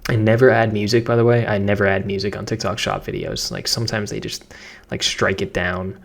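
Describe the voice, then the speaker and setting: A man's voice: lowish voice, animated, brisk, gravelly. A man with a Boston accent giving a casual how-to tutorial as a content creator, chatty and slangy, often tossing in "right?". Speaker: social media content creator.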